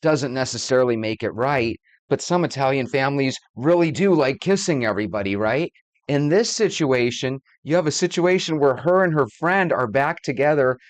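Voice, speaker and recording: Casting note: man in his thirties, mid-pitched, calm and reasoning host voice, close and dry. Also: moderate pace, no echo. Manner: calm, reasoning, talks to viewers. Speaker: host, commentator. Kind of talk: casual commentary.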